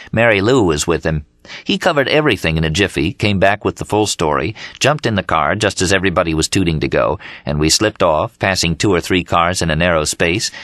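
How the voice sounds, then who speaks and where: A man narrating an audiobook in a steady, measured reading. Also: deep voice, no room sound, clean studio sound. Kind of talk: scripted narration. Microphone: studio mic.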